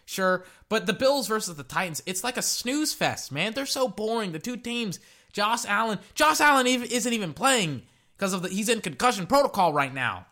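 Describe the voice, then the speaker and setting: Young man, casual sports rant, bright, raised voice, exasperated. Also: moderate pace. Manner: exasperated, ranting, lively swings in pitch. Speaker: sports podcaster giving picks. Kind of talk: casual solo commentary. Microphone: echoey metal can around the mic.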